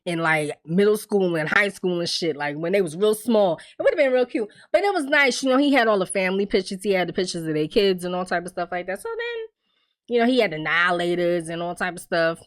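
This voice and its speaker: A woman casually recapping a TV episode, profane and laughing often, acting out characters' lines in quick impressions. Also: on the low side, animated. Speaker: TV recap host.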